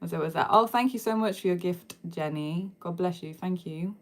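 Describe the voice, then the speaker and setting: A woman's voice: on the low side, normal speed. A young woman chatting casually on a live stream while she cooks, slangy and answering viewer comments as she goes. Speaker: livestreamer. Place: home kitchen, indoors.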